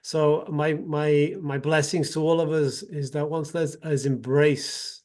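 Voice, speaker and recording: A man's voice: fairly high pitch, flat delivery, slow pace, darkish tone. A man giving an earnest motivational talk as a self-development practitioner, telling a parable with frequent restarts and repeated words.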